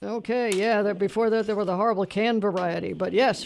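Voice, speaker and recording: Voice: medium pitch, steady tone, fast talker, creaky, a little mellow. A radio talk show host running a call-in trivia quiz, chatty, chuckling and full of fillers. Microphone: studio microphone.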